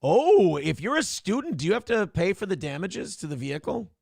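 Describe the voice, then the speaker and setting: A man's voice: sits high, very animated, fairly quick, vocal fry, darkish tone, no room sound, studio quality. A man hosting a live morning show, joking, swearing freely and reading viewer messages aloud. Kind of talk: casual live-stream talk.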